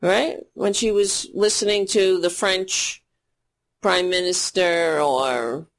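A woman's voice: on the low side, slow pace. A woman hosting a political commentary show, ranting in a sarcastic, profane and rambling way.

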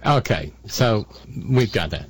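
A man's voice: fairly low pitch, lively intonation, slow pace, breathy edge. An older man hosting a podcast, talking in a sarcastic, mocking way with lots of ums and restarts. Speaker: podcast host. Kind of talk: casual political commentary.

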